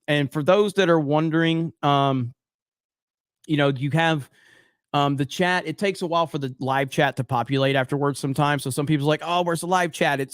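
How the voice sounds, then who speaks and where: Guy wrapping up his livestream, chatty, reads chat out loud, dry close mic. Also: mid-range voice, dry recording. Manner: chatty, reads viewer chat aloud, laughs often. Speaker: livestream host. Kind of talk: casual livestream sign-off.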